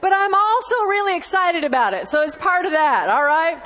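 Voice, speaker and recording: A woman preaching a sermon, lively, with quick bursts and laughing asides. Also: very high voice.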